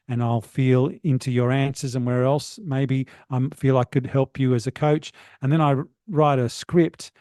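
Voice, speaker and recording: Earnest middle-aged man, mellow dry voice. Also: mid-range voice, no echo. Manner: earnest, rambling, many "you know" fillers. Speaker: guest, wellness coach. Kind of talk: motivational podcast conversation.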